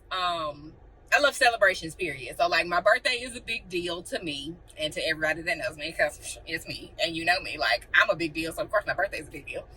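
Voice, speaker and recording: Young woman, blunt, animated, bright voice, faint room noise. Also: lowish voice, far from the mic, rough recording. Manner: blunt, animated, acts out quotes. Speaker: vlogger. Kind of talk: casual chat to camera.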